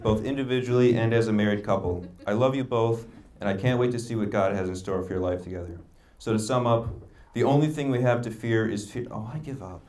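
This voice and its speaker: A man's voice: lowish voice, a little fast, few pauses. A man, the bride's brother, giving an earnest wedding toast with teasing jokes. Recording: loud crowd and noise behind.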